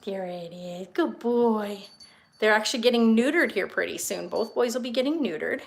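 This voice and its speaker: Touring her home and yard for a vlog, a young woman talks fairly fast in an expressive, gravelly mid-range voice. She chats loosely, wanders off topic a bit, and slips into baby talk with her cats.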